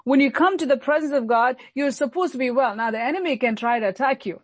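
A woman pastor delivering an earnest sermon, slowing down and repeating lines for emphasis. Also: high voice, breathy edge, no echo. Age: adult, recalls childhood many years ago.

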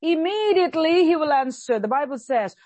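A woman's voice: sits high, lively intonation, fairly quick, a little mellow, dry recording. A woman preacher delivering a fervent sermon, repeating key lines for emphasis.

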